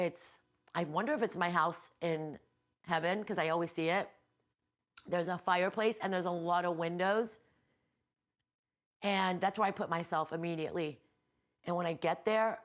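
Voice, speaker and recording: Rambling, easygoing woman leading a meditation. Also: on the low side. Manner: relaxed, rambling and candid, with some swearing. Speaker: healer and yoga instructor. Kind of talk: casual guided meditation class. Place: hotel room.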